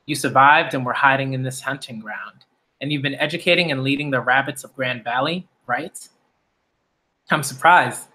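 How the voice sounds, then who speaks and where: A man's voice: mid-range voice, moderate pace, pushed and bright, lightly acted. A man reading aloud the lines of a gleeful, cruel male demon aristocrat who hunts people, smug and relishing each word.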